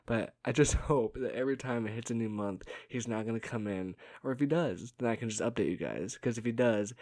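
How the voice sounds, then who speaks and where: A man's voice: fairly low pitch, a little mellow. A young man telling stories from his customer service job in a rambling, casual way, laughing often and filling with "like". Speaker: vlogger telling work stories. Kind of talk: casual storytelling.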